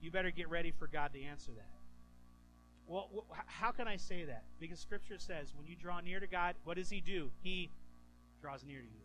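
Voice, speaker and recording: A man preaching a sermon as pastor, animated and acting out the people in his stories. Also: on the high side, a little fast, music in the background, low-quality recording. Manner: animated, acts out quoted voices.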